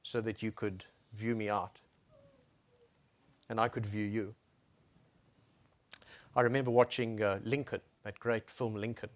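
A man preaching a sermon, swinging between soft hushed lines and loud raised exclamations. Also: fairly low pitch, steady tone, a little slow, pauses often. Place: Brussels church.

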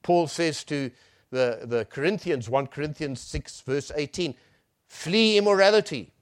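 A male preacher giving a sermon. He swells on key phrases and then drops to a near hush. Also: mid-range voice, a little slow, no echo, clean studio sound.

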